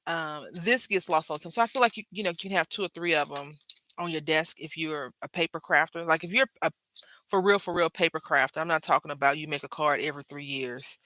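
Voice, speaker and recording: Lady chatting w her viewers while she crafts, bright voice, dry close sound. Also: low voice, quick pace, no room sound. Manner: chatty, talks straight to viewers and chat, laughs often. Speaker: crafting channel host. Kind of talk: casual crafting chat to viewers.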